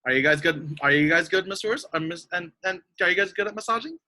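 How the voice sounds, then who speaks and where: Young male kids' teacher, sweet and sing-song, bright and very animated. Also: high-pitched, rough recording. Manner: sing-song, speaks slowly and sweetly to small kids. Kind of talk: online lesson for young children.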